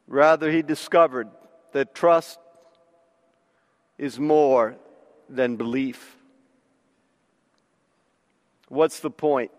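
A man preaches with slow, deliberate phrasing and weighty pauses. His voice sits high for a man. It carries a long church echo. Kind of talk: sermon.

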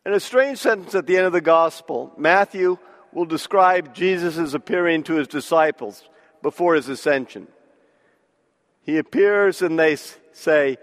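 A man preaches with slow, deliberate phrasing and weighty pauses. His voice sits high for a man. It carries a long church echo. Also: fairly bright tone. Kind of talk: sermon.

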